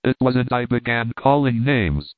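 A man's voice: mid-range voice, sing-song, a little slow, clean tone, no room sound. A man voicing a nervous young clerk who blusters stiffly and stammers in a storybook reading. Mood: fierce. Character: nervous, blustering young male shop assistant. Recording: tinny phone-like dry sound.

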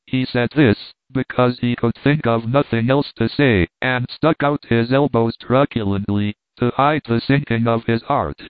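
A man's voice: medium pitch, fairly even intonation, unhurried, hardly any pauses, clear, resonant tone, no echo. Man narrating a classic novel, tinny sound. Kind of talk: audiobook narration of classic fiction. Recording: tinny phone-like dry sound.

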